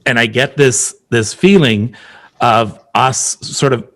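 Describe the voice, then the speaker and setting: A man's voice: medium pitch, slow, fairly bright tone. A man hosting a podcast conversation, speaking reflectively and often repeating words as he searches for them. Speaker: podcast host.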